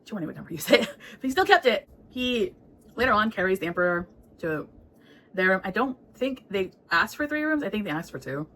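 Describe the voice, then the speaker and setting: A woman's voice: medium pitch, expressive, fairly quick, a bit bright, low-quality recording. Chatty woman recapping a book. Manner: chatty, laughing, swears casually. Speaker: book reviewer.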